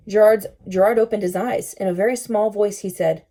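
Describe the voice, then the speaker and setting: Teacher read-aloud, woman, warm dark tone, calm and expressive. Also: mid-range voice, a little fast, creaky, hardly any pauses. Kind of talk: reading a children's novel aloud.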